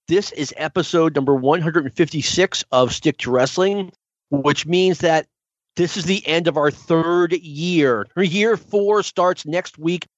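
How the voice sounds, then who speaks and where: A chatty male podcast host with a slightly high voice that has gone a little hoarse. He rambles through his stories in a casual way. The sound is dry and a bit dull, like a lo-fi recording. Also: dry recording. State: losing his voice.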